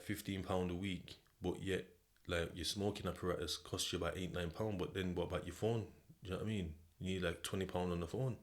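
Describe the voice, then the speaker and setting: A British man hosting a podcast, telling a story in the second person in a casual, slang-heavy way. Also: low-pitched. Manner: slang-heavy, conversational, repeats "do you know what I mean". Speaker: podcast host.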